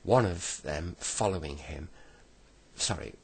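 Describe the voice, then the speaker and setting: Slow, deep-voiced man reading bedtime stories. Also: gravelly, slightly rough, rough recording. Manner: gentle reading with self-corrections. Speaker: storyteller.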